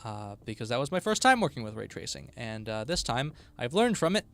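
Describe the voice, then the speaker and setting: A man's voice: medium pitch, very animated, fairly quick, vocal fry, a bit bright, no room sound. A tired man chatting casually on a live stream while building a game, often mumbling to himself.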